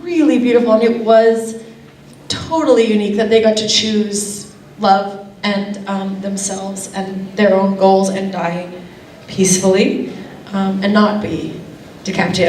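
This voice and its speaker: A young woman, an actor appearing as a guest on a convention panel, chats casually in a mid-range voice at a moderate pace, laughing often and tossing in lively asides. The convention hall is echoey and she is recorded from afar, with slight background noise.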